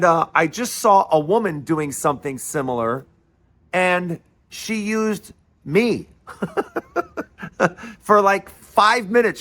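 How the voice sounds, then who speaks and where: A man's voice: on the high side, a bit bright. A man hosting his own commentary show, talking casually with restarts, asides and mocking repeated lines. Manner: talkative, restarts phrases, self-deprecating asides. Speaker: host of a political commentary show.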